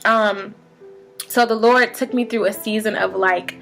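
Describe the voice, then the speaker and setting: A woman's voice: mid-range voice, steady tone, measured pace, gravelly, a bit bright, soft background music. Chatty young woman telling a testimony. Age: 20s. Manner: chatty, many fillers like "um" and "like". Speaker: vlogger sharing a faith testimony. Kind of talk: casual testimony storytelling.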